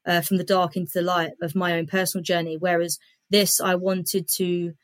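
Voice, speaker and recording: A woman comedian chats as a podcast guest, upbeat and stringing her thoughts together in long runs. Her voice sits fairly low for a woman. The sound is close and dry. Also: little pitch movement, no echo. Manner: upbeat, quick, talks in long run-on strings. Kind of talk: casual interview chat.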